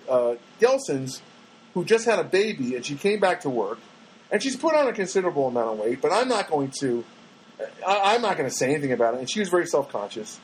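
A middle-aged man talks through his solo podcast in a loose, rambling, self-mocking way. His voice sits high for a man and swoops up and down with animated pitch. A faint hum of noise lies under the recording. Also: low-quality recording. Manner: rambling, self-mocking, breaks into sung snatches. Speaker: podcast host.

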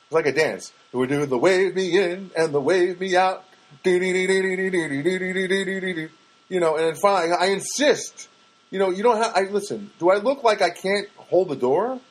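A man's voice: high-pitched, moderate pace, husky, low-quality recording. A man telling a rambling, self-mocking comic monologue, full of restarts and asides.

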